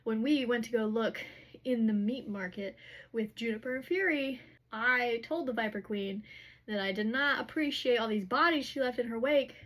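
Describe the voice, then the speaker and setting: A young woman casually retelling a novel's chapters, chatty and animated, with slangy asides. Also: on the high side, normal speed. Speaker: book recap vlogger.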